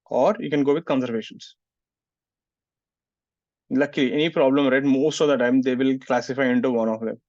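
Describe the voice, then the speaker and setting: A man's voice: mid-range voice, steady tone, fairly quick, long pauses, darkish tone, dry recording. A male physics teacher, lecturing a class and scolding students who don't listen. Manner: scolds students, asks "getting it?" often. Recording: muffled, dry sound.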